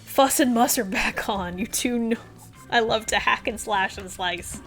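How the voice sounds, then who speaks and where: A young woman streamer reading game dialogue aloud, swinging between loud outbursts and hushed storytelling. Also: on the high side, a little slow, soft background music.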